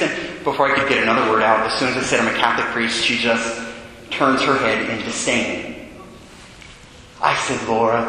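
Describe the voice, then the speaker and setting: A Catholic priest delivers a storytelling sermon with earnest feeling, sinking to a hush when the story turns quiet. His voice is slightly high and bright. The sound carries a long, roomy reverb from a church hall with a faint hiss underneath.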